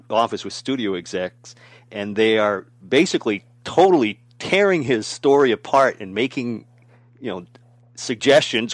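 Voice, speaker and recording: A man's voice: fairly low pitch, no room sound. Male host, casual conversational questioning, dry close recording. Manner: conversational, with easy laughs and short backchannels. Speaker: interview host. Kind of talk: interview.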